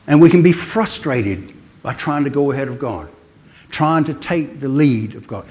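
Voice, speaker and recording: An older man preaching a sermon in an earnest way, pausing often and slowing down to stress key words. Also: mid-range voice, expressive, a little mellow. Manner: earnest, pausing, slows for emphasis.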